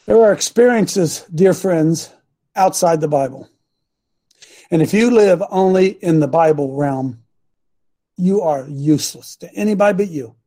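A man's voice: on the high side, unhurried, mellow. A man preaching informally to a congregation, blunt and combative, mocking his critics and throwing asides to the room.

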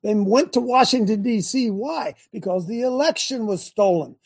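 Fired-up gravelly male show host. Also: high-pitched, animated, moderate pace, darkish tone. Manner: rhetorical, repeats questions, fired up. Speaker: host of a political talk show. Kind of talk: animated political commentary to viewers.

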